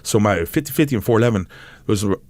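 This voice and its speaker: A middle-aged man, a podcast guest, telling a long story in a halting, animated way, stopping and restarting and acting out what others said. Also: on the low side. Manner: halting, animated storyteller who acts out quotes. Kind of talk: casual storytelling interview.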